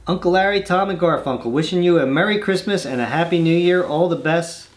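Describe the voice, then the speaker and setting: A man with a fairly high voice hosts his own channel, speaking fairly quickly. He reads viewer letters aloud and chats casually between them, drifting into rambling, easygoing asides.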